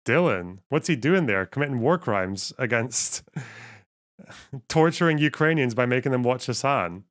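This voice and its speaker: A man's voice: medium pitch, expressive, measured pace, a bit bright. A man streaming live, reacting to a clip with frequent laughter, reading out chat messages and passages from a text. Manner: laughs often, reads chat and academic text aloud. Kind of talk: casual live-stream commentary.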